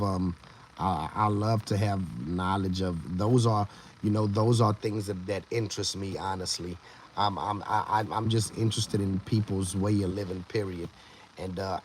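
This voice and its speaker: A man's voice: fairly low pitch, steady tone, normal speed, slight background noise. A man hosting a casual live stream who rambles, restarts his sentences and greets viewers in the chat by name. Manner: rambling, with many restarts and repeated words. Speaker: livestream host.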